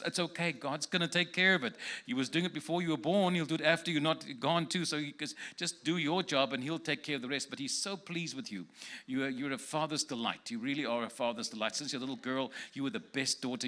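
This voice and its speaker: A guest preacher in a church delivers prophetic words to congregation members one by one. His medium-pitched voice sounds bright and forward, shifting easily from jokes to earnest blessings.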